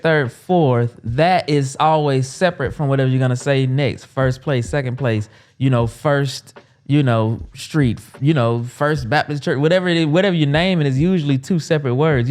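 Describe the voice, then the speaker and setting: A man in his thirties, an agency owner, talking casually and with animation about business names, full of quick asides. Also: on the high side, clean tone. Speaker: agency owner and podcast host.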